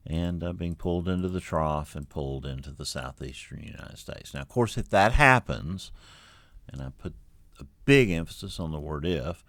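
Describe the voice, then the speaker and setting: A middle-aged man giving an unscripted weather briefing in a relaxed, folksy way with many fillers. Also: low-pitched, dry recording, studio quality. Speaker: TV meteorologist.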